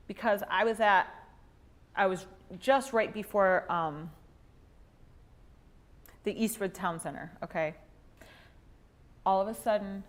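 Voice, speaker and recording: A woman in her thirties with a mid-range voice, teaching a women's church class. She tells her story with lively, acted-out quotes. She speaks to the room in a storytelling way. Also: medium pitch. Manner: animated, acts out her own story with quoted lines.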